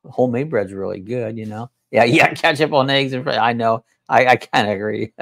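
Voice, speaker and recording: Brief: male co-host, casual live-stream banter, gravelly texture, dry close sound. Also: mid-range voice, normal speed, a bit bright, no echo. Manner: chatty, playful, sing-song repeating of words. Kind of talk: casual chat.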